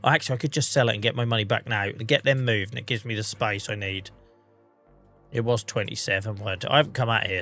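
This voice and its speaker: English bloke streaming a farm game, bit of a cold and a cough, rambly and self-mocking, bright punchy voice. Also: male voice, fairly low pitch, fairly even intonation, fast, faint music behind. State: under the weather, coughing. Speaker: livestreamer. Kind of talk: casual gameplay commentary.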